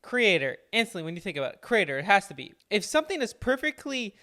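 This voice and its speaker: A young man reacting to a video with gushing, excitable commentary. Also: high voice, fast talker. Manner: excitable, gushing, exclaims loudly. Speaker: channel host reacting to clip.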